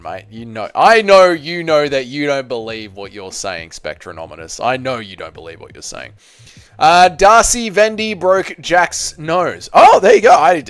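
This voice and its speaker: A man's voice: on the high side, a bit bright, clean tone, no echo. An Australian man hosting a live stream, reading viewer chat aloud and answering in crude, joking banter. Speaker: channel host.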